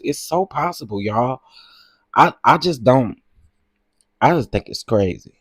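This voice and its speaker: A man's voice: medium pitch, lively intonation, a little slow, pauses often, no echo, clean studio sound. A man hosting a livestream, chatting casually and gossiping as he reads out comments. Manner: chatty, gossipy, says "y'all" and "girl". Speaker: livestream host. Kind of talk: casual chat reading comments.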